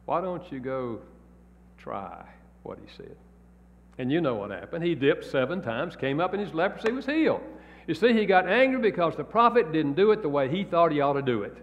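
A married male preacher tells a sermon in a folksy, plain-spoken way. His voice is fairly high and swings widely in pitch. It echoes in a long hall, and the recording is dull and lo-fi. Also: lively intonation, fast, a little hiss or hum.

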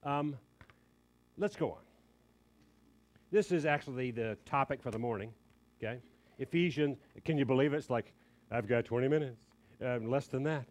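A man preaching a sermon, emphatic and animated, dropping in quick joking asides. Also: medium pitch.

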